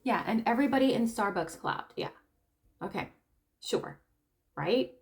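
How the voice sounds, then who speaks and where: A woman talking casually to camera, telling a story in an animated way and often stopping to laugh and add asides. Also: fairly high pitch, a little slow. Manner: animated storytelling, acting out quoted people. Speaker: tarot reader and spiritual coach. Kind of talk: casual opinion monologue.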